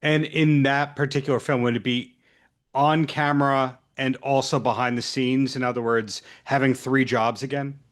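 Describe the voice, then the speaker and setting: A man's voice: mid-range voice, fairly even intonation, normal speed. A man hosting a podcast, asking his guests friendly conversational questions over a video call. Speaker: podcast host. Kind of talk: interview questions. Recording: remote video call audio.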